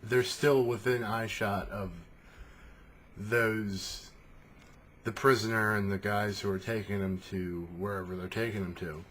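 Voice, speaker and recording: A man's voice: fairly low pitch, fairly even intonation, a little slow, fairly bright tone, a little hiss or hum. A man rambling casually and swearing freely as he talks about tabletop role-playing. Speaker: tabletop game talker. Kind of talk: casual monologue.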